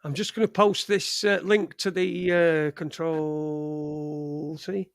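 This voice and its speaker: A man's voice: a little high, fairly even intonation, slow, vocal fry, no room sound, clean studio sound. A man hosting a casual live chat show, rambling and swearing freely. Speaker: podcast host.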